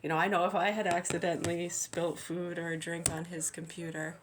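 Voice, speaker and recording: A woman's voice: fairly low pitch, level tone, fairly quick, background noise. A middle-aged woman, a mother, talking in a rambling, aggrieved monologue full of restarts and swearing. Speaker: mother venting.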